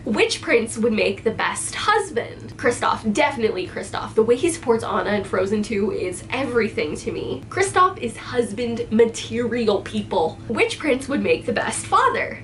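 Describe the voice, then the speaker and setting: A young adult woman chatting casually in a vlog, bubbly and giggly with lively jumps in pitch. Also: a little hiss or hum. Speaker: vlogger.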